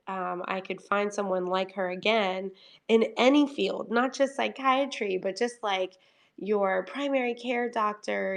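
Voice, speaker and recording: A talkative woman livestreaming from home, chatting casually and acting out her own conversations. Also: mid-range voice. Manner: chatty, over-explaining, quoting herself in dialogue. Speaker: livestream host.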